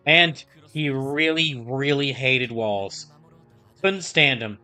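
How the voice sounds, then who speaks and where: A man voicing a gruff, tough-guy older brother with an old-time gangster swagger, tagging his lines with a clipped "see?". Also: medium pitch, takes it slowly, sharp tone, faint music behind. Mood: earnest. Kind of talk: voicing game dialogue aloud.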